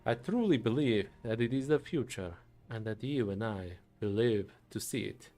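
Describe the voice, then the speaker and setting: A man voicing a proud, idealistic male engineer in a put-on Italian accent, declaiming loudly in a game voiceover. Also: lowish voice, lively intonation, moderate pace.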